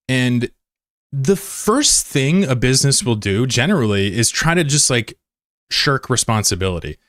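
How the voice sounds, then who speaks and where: A young man telling a story in casual, self-mocking chat, animated as he retells it. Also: medium pitch, no room sound, studio quality. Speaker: streamer. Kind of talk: casual storytelling while gaming.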